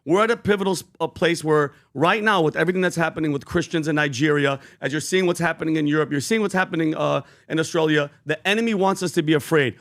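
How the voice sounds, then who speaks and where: Earnest high-voiced man telling a Bible story. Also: fast, hardly any pauses. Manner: earnest, animated storytelling with acted quotes. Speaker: podcast co-host. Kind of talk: casual podcast talk, merch pitch and Bible story.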